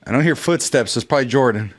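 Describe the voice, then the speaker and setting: A young man hosting a podcast, rambling and joking at himself, out of breath and soft-voiced after a night of yelling. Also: mid-range voice, expressive, rapid-fire. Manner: rambling, self-mocking. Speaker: podcast host. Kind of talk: casual chat.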